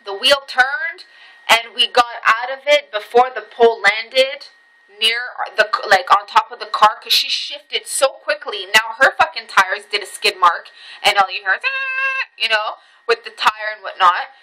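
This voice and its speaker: Animated woman telling a story. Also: normal speed, a crowd in the background, rough recording. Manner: animated, swearing, voice jumps high when reliving tense moments. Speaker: vlogger. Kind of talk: casual storytelling.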